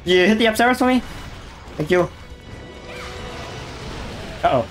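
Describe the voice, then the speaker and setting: Excitable man streaming a game. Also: high voice, measured pace, soft background music. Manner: chatty, excitable, talks to himself and the monster. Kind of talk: casual live gameplay commentary.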